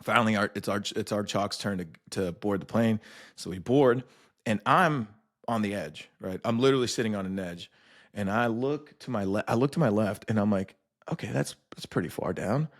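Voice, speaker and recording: A young man hosting a podcast, telling stories in a casual, profane and animated way. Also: fairly low pitch, normal speed. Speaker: podcast host. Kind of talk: casual chat.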